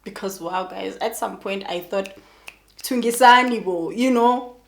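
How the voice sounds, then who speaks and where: A woman's voice: medium pitch, unhurried, vocal fry. A young South African woman with a South African accent, telling a personal story in a casual, chatty way and talking straight to her viewers. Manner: animated, chatty, addresses viewers as guys. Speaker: YouTuber.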